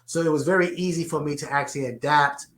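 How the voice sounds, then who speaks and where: A man's voice: on the high side, fast, fairly bright tone. A middle-aged man from the Bronx with a New York accent, earnestly answering interview questions and often restarting his sentences. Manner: earnest, repeats words when starting sentences. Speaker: podcast guest. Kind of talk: conversational interview. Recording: roomy echo.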